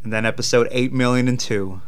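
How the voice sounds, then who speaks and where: A man's voice: medium pitch, steady tone, fairly quick. A man co-hosting a podcast, trading dry, jokey banter and laughing often. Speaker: podcast co-host. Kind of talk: casual comedic banter. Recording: roomy with clear background noise.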